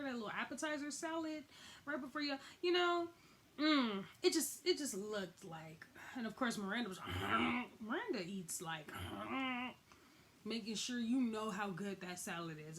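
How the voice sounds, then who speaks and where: Young woman, casual TV recap host, AAVE lilt, fairly high voice, animated retelling. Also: a little hiss or hum. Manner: chatty, animated, heavy use of "like", acts out quotes.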